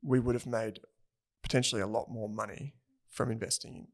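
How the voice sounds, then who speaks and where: A man's voice: on the low side, fairly even intonation, a little fast. A man, co-hosting a personal finance podcast in a rambling, chatty way and laughing easily. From Australia. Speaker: podcast co-host. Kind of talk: casual chat.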